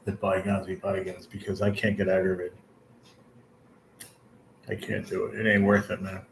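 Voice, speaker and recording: This channel host, a man in his forties, talks directly to his livestream audience and chat in a relaxed way, airing frank complaints laced with frequent profanity. He has a deep, monotone voice with vocal fry, moving at a moderate pace over slight background noise.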